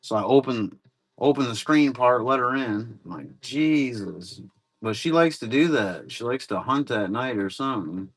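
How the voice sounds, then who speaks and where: Hosting a live card-break stream, a man chats casually at a moderate pace in an expressive, mid-range voice. He rambles in a relaxed way, with a bit of swearing.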